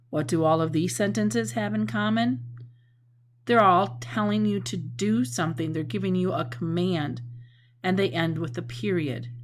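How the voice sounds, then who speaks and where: Patient woman teacher explaining clearly. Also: on the low side, a little hiss or hum. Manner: clear, patient explaining with expressive example sentences. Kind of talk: recorded classroom lesson.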